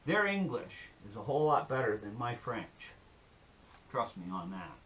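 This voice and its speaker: A man's voice: medium pitch, sing-song, moderate pace, fairly bright tone. A man giving a folksy, rambling demonstration and telling a joke on his channel. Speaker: outdoor-skills YouTuber.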